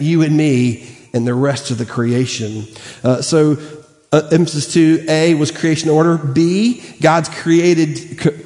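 Male preacher, slightly higher voice, emphatic repeated phrases, sermon in a reverberant church. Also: darkish tone. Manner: emphatic, repetitive, reads scripture aloud. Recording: long reverb of a large hall.

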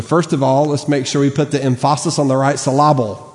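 Man, pastor, emphatic sermon, mid-pitched voice, long church-hall reverb. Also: flat delivery, a little fast, a little mellow. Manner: earnest, emphatic preaching with self-corrections. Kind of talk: sermon with scripture reading.

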